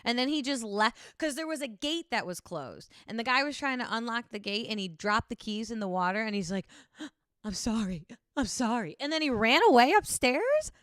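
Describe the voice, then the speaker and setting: A woman's voice: fairly high pitch, sing-song, moderate pace, fairly bright tone, smooth, no echo, studio quality. A young woman casually chatting and reacting to a video, rambling and swearing, reading viewer comments aloud. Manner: chatty, profane, rambling, reads chat aloud. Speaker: streamer. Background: music.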